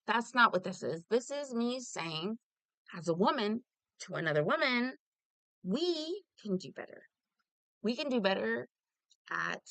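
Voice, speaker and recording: A woman's voice: a little high, fairly bright tone, no echo. A woman ranting heatedly in casual talk, rambling and swearing, with many "like"s, addressing a fellow commentator. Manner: heated, rambling, profane, full of "like". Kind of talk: casual direct-to-camera rant.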